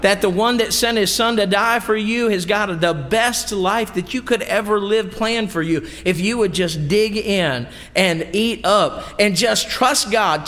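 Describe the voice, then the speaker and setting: A man's voice: high-pitched, measured pace, few pauses, fairly bright tone, big-room sound. A middle-aged man preaching a sermon in a church, folksy and emphatic, with homey asides. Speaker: pastor. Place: church sanctuary.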